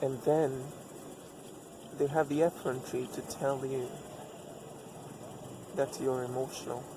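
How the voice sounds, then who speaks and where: A man's voice: medium pitch, slow. A man giving relationship advice in a reflective personal monologue, repeating himself for emphasis and asking rhetorical questions. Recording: steady background noise.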